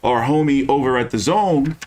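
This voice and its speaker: Profane, rambling boxing streamer. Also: male voice, medium pitch, moderate pace, a little mellow. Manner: loose, profane, ranting with many fillers. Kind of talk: casual live-stream commentary.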